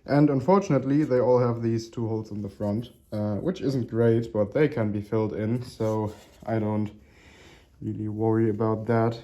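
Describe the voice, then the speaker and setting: Easygoing man with a mellow, chuckling voice. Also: on the low side, normal speed. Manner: relaxed, chuckling, many fillers. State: slightly out of breath. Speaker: collector unboxing helmets. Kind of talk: casual vlog narration.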